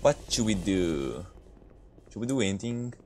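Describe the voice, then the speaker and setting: A man's voice: lowish voice, sing-song, unhurried, noisy background. A man streaming a multiplayer game, chatting casually with players and laughing often. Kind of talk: casual gaming livestream chat.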